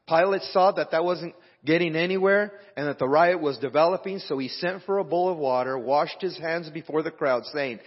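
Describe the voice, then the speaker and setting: Preaching in a church hall with a live band, this pastor speaks fairly quickly with few pauses in a somewhat high, slightly rough voice. He keeps the sermon conversational, stepping away from the reading to talk to the room, all captured on a dull lo-fi recording with long reverb.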